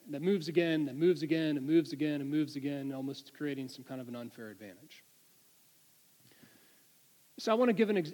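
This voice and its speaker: Man preacher, slightly high voice, earnest and conversational, stumbles and restarts, long hall reverb. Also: a little mellow. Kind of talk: sermon.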